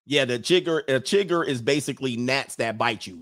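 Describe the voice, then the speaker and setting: A man's voice: medium pitch, fairly quick, a bit bright. A man hosting a stream, ranting in a loose, joking, rambling way. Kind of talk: casual commentary rant.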